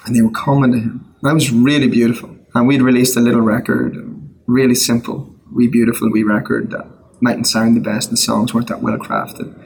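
A middle-aged Irish man, a songwriter, telling his personal story in a casual interview, earnest with quick asides and restarts. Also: mid-range voice, vocal fry, a little mellow, a little hiss or hum, low-quality recording. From Ireland. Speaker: guest, worship songwriter.

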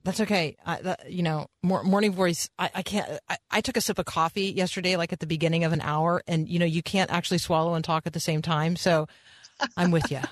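A woman hosting a morning radio talk show, chatty and self-deprecating, with quick asides. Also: fairly low pitch, steady tone, dry recording.

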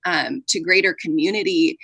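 A woman's voice: lowish voice, moderate pace, gravelly, pushed and bright, husky, no room sound. A woman in her thirties, an author talking earnestly and with animation as an interview guest, often adding "like" and "right". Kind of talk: conversational interview.

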